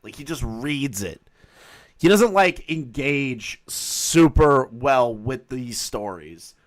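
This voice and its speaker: Snarky guy streaming reactions, crude, gets loud and animated, dry mic. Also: medium pitch, takes it slowly, no echo. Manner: sarcastic, swings loud and animated; crude, blunt. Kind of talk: live-stream reaction commentary.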